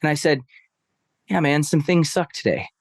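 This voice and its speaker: A man's voice: fairly high pitch, very animated, moderate pace, creaky, no room sound, studio quality. A man in casual storytelling, a stepfather talking about his family, rambling with many fillers. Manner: rambling, heavy on fillers like "like" and "right?". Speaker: podcast guest.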